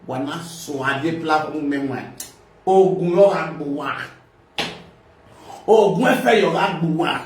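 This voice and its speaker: Nigerian man, high and brash, ranting on a live video in a boomy room. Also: a little slow, far from the mic, a little hiss or hum. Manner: loud, sing-song, switching between languages and pidgin. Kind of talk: animated political rant. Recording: echoey room.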